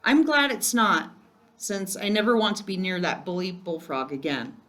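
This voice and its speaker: A woman's voice: medium pitch, normal speed, a bit bright, close to an everyday voice. A woman reading aloud, voicing a cheerful, curious husband who asks eager questions in a children's story. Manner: eager, inquisitive, playful. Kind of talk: children's book read aloud.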